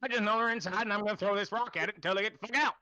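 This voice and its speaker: A man's voice: high-pitched, racing, bright, forceful tone, pitched above the performer's own voice. A man voicing a cranky old man who swears constantly, on a dull lo-fi recording. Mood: irritated. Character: cranky foul-mouthed old human man. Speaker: game master voicing a character.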